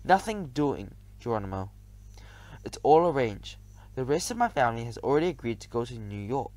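A man doing a booming bossy grandfather mouse. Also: big pitch swings, brisk, darkish tone, lightly acted. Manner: booming, commanding. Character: gruff bossy old male mouse grandfather. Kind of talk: audiobook character voice.

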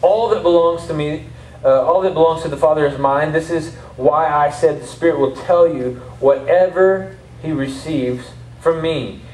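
A man's voice: fairly high pitch, moderate pace, a little mellow. A man with a Southern accent preaching a conversational sermon as pastor, with laughing asides. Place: church service in a rented martial arts academy space. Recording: roomy hall audio from a distance.

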